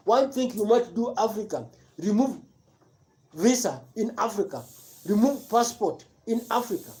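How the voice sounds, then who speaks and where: A fired-up live-stream commentator with a mellow, medium-pitched voice delivers an impassioned political rant, mixing Swahili and English. He is repetitive and emphatic and leans on rhetorical questions.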